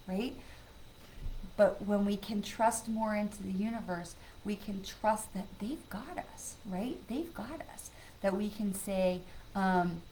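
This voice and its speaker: A woman's voice: medium pitch, slight background noise, rough recording. Chatty middle-aged woman spiritual host. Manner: chatty, animated, talks directly to viewers. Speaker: psychic medium host. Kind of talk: live-streamed spiritual talk.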